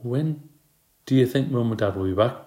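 A man's voice: mid-range voice, normal speed, dark tone, voice pushed up, close to an everyday voice. A man voicing a whiny, restless young boy in a storybook reading. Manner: whiny, complaining.

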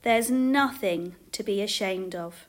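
A woman voicing Jesus in a storybook reading, calm, firm and kind. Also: medium pitch, slow, natural voice. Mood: calling. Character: gentle, warm grown man, Jesus.

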